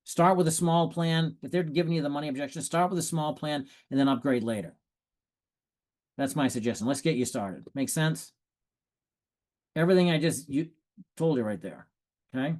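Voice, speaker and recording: A man giving sales coaching tips in a lively, animated way, acting out prospects' lines and laughing at his own stories. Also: fairly high pitch, normal speed, pauses often. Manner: animated, acts out prospects and quotes. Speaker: sales trainer. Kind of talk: coaching talk.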